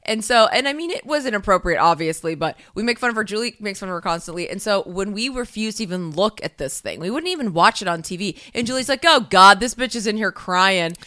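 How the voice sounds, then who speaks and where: A woman's voice: medium pitch, expressive, quick pace, few pauses, fairly bright tone. A woman in casual podcast chat, blunt and profane, often laughing.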